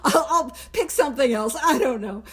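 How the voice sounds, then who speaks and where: A woman with a high, bright-sitting voice leads a book study in a relaxed, conversational teaching style. She leans hard on key words with earnest conviction and lets small chuckles slip between her phrases. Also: normal speed, breathy edge. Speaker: host of a recovery book study. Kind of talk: casual spoken teaching.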